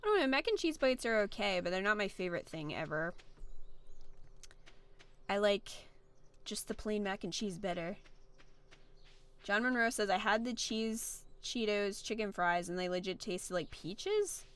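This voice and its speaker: A woman's voice: medium pitch, lively intonation, a little slow, long pauses, fairly bright tone, clear, resonant tone. A young woman streamer chatting casually while playing, reading viewer comments aloud with a playful, filler-heavy way of talking. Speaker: gaming streamer.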